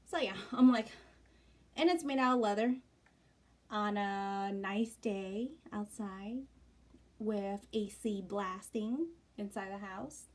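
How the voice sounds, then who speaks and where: A young adult woman vlogger telling a long family story in a chatty, rambling voice-over as she plans. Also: slow pace. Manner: chatty and rambling, with many fillers and restarts; acts out family members' lines in a much higher, louder voice. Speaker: planner vlogger.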